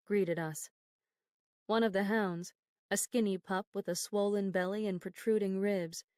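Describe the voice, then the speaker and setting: A woman reading a horror novel aloud as an audiobook narrator, in a measured, grave storytelling manner, recorded on a close studio mic. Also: medium pitch, darkish tone, dry recording. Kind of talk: scripted narration.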